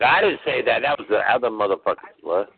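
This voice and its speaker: A man's voice: medium pitch, animated, quick pace, breathy edge, no room sound, narrow, tinny audio. A man on a phone chat line, teasing another caller in laid-back slang. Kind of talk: casual phone banter.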